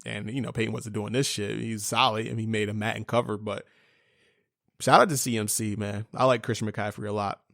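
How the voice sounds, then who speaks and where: A man's voice: on the low side, level tone, fairly quick, creaky, a bit bright, no echo, studio quality. A young man hosting a casual sports podcast, talking in a fired-up, profane rant full of fillers. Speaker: podcast host.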